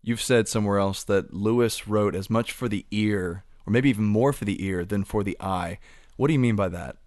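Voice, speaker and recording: A man hosting a podcast interview, asking curious and enthusiastic questions in relaxed conversation. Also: on the low side, moderate pace, dry recording, studio quality. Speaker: podcast host.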